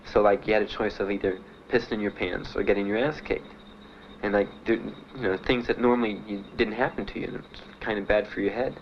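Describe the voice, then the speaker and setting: An older man recounting his past in a halting interview, with many pauses and fillers. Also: on the low side, steady tone, vocal fry, dull audio, slight background noise. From Miami. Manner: plain, halting storytelling with many "uh"s and "you know"s. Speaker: Vietnam veteran interviewee. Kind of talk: personal recollection in an interview.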